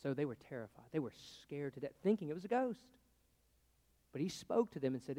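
A man preaching a sermon in a conversational way, swinging between loud, pressing lines and hushed, quiet ones. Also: a little high, lively intonation, fairly quick, big-room sound. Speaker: pastor.

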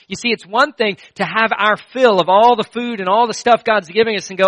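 A middle-aged male pastor preaching a sermon in a conversational, storytelling way, with frequent restarts and swings between loud and hushed. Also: high voice, brisk, few pauses, no echo, rough recording.

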